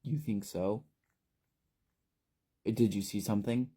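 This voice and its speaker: Using a lowish, mellow, husky voice delivered a little slowly, a man plays a teenage boy in a storytelling recap. The character is agitated, panicky and irritable, jittery as he stammers and snaps.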